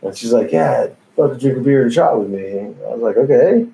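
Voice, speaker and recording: A man's voice: mid-range voice, brisk, vocal fry, dark tone, a little hiss or hum, poor audio. A man, a tattoo artist, telling stories in a laid-back way, swearing freely and laughing often. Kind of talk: casual storytelling. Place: tattoo shop.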